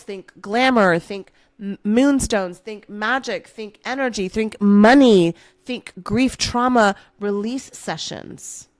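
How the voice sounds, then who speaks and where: Calling her listener baby, a woman who's a manifestation coach and podcast host gives playful, energetic motivational coaching. Her voice is mid-range with a darkish tone, recorded without echo.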